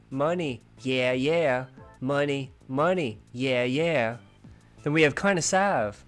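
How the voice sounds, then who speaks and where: A man narrates online drama in a dry, sarcastic tone, his voice sitting a bit high for a man. Faint music plays under his commentary. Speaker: commentary channel host.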